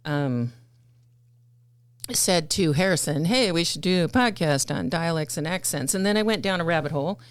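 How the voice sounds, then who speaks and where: Low-voiced woman hosting a chatty podcast. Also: smooth, no echo. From United States. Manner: chatty, rambling with many fillers. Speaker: podcast host. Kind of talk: casual podcast chat.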